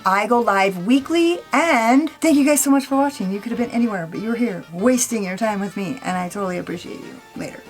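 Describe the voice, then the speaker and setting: A woman's voice: medium pitch, soft background music. A woman makeup vlogger ranting casually, blunt, opinionated and full of swearing. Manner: speeds up for a quick sign-off. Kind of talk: casual vlog rant.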